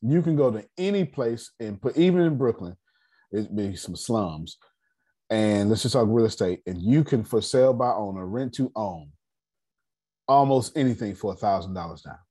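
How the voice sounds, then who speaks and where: Husky low-voiced man teaching on a call. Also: moderate pace. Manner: animated, teasing, repeats for emphasis. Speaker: finance class leader. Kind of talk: casual online group lesson. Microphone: video call.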